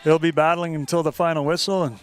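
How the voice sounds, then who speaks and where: An easygoing man calls play-by-play for a local football broadcast. His delivery is folksy and steady. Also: a little high, fast talker, clear, resonant tone. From Northern Ontario. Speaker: play-by-play commentator. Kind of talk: live football commentary.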